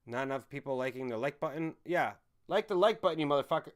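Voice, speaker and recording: A man hosting a live stream, ranting angrily and profanely while reading the chat, swinging from loud outbursts to low muttering. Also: lively intonation, quick pace. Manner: angry, swearing, swings from shouting to muttering.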